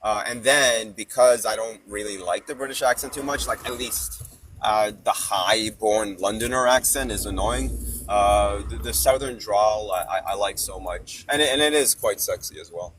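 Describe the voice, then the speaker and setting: A man with a fairly low voice chats casually and rambles through his points, laughing along the way. His words come in animated bursts with plenty of restarts. A faint noise sits behind him. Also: normal speed. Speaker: podcast host. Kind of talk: casual chat. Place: parked car outdoors.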